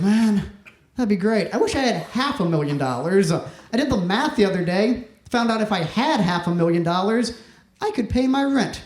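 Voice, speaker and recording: Young guy doing standup, kinda high voice, dry deadpan jokes, echoey club. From Mississippi, US. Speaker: stand-up comic. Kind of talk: stand-up comedy set. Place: comedy club stage. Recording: roomy club sound, faint noise.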